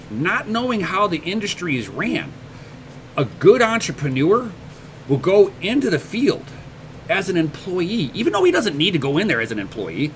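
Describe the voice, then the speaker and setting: A high-pitched man is hosting a laid-back livestream, with a little noise in the background. He responds to viewer comments with blunt motivational advice, cursing casually and tripping over repeated words as he begins sentences.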